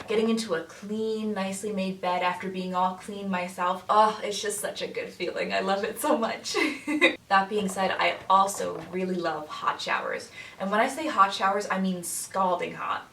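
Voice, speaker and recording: A young woman talks casually to her viewers in a friendly, chatty way and laughs often. Her voice sits at an ordinary pitch and comes from a little way off the mic. The room echoes noticeably, with a faint hiss underneath. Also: a little slow, bright, forceful tone, distant mic. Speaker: makeup artist vlogger. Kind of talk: casual chat to camera.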